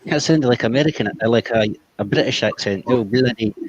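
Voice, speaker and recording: A man leading a ghost-hunting spirit box session on a livestream, calmly questioning the spirits and coaxing them to come forward. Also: mid-range voice, fairly quick, breathy edge, no echo, lo-fi sound. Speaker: paranormal investigator streamer.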